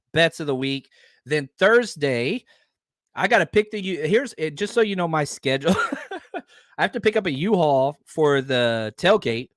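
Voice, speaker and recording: A man's voice: mid-range voice, fairly bright tone, no echo, studio quality. A man hosting a sports podcast, talking casually and ranting heatedly with plenty of profanity. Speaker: podcast host.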